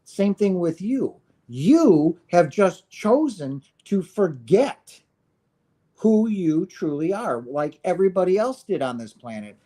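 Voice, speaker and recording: A man's voice: high voice, very animated, takes it slowly, warm tone. A man in his fifties from the United States holds forth on spirituality in a loose, unscripted monologue. He talks with earnest conviction and a preachy edge, keeps checking in with his viewers, and drops the odd curse word. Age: 50s. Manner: earnest, preachy, peppered with "right?" and profanity. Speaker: spiritual streamer.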